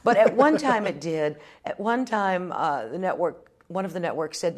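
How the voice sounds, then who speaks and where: A woman's voice: lowish voice, animated, normal speed, few pauses. A woman in her fifties from Texas, a television journalist answering interview questions as a plainspoken, wry storyteller.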